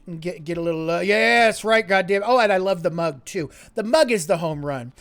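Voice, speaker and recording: A man's voice: high voice, normal speed, hardly any pauses, clean tone. Rambling, swearing male streamer host. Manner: rambling, joking and swearing, drifting between mutters and loud bursts. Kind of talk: casual live-stream chat.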